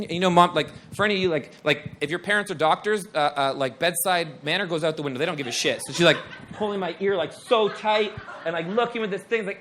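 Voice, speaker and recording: Bright high-voiced young man telling stories. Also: quick pace, slight background noise. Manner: excitable, profane, rambling with lots of fillers. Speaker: storyteller. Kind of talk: live comedic storytelling. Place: live storytelling show on stage.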